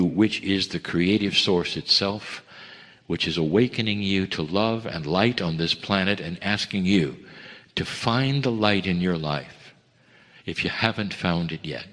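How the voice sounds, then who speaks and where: A man delivering a channeled spiritual message in slow, heartfelt, broken phrases, rising to emphatic lines and dropping to hushed ones. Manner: swings between raised emphatic lines and hushed low ones. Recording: long reverb of a large hall.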